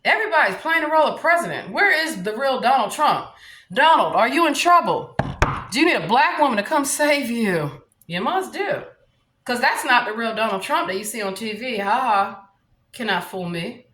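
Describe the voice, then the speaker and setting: A brash woman with a Southern US accent delivers a profane, combative rant to camera. Her fairly high voice swoops up and down as she talks. The room around her rings with echo. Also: sing-song, normal speed, fairly bright tone. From New Orleans, USA. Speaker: vlogger. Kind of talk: ranting monologue to camera. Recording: roomy echo.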